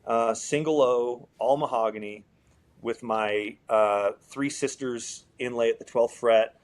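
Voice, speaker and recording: A guitar builder appearing as an interview guest tells a story in a relaxed, rambling way, with lots of fillers and quoted dialogue. He has a medium-pitched voice and a measured pace.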